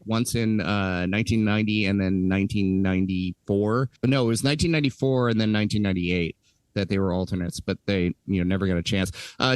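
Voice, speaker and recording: A man's voice: lowish voice, no echo, rough recording. A man co-hosting a casual movie podcast, rambling with many fillers and frequent laughs. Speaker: podcast co-host.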